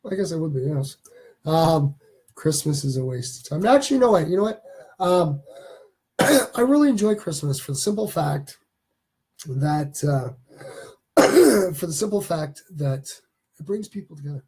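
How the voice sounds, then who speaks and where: A man with a husky, mellow voice pitched a little high hosts a live stream from his home studio. He rambles in a chatty way and reads viewers' comments aloud between his own remarks. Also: expressive, moderate pace, long pauses. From Canada. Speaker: host of a live stream show. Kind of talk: casual live-stream chat.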